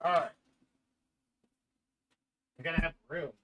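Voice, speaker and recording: Sports podcast host, male, higher voice, loose filler-heavy chat with blunt takes. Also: steady tone, slow pace, background noise. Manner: rambling, filler-heavy talk with frequent "like" and "literally"; blunt, joking opinions.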